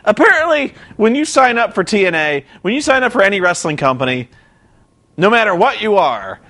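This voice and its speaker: A man rambling through a casual recap of a wrestling show, animated and loose, often breaking into shouted impressions. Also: high-pitched, brisk.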